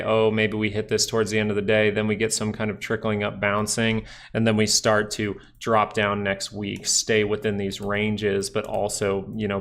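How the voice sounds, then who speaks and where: A man's voice: lowish voice, creaky. A young man with a nasal voice hosting a casual live stock market stream, rambling through charts and answering chat. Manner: relaxed, rambling, talks to chat viewers. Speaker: stock market livestream host.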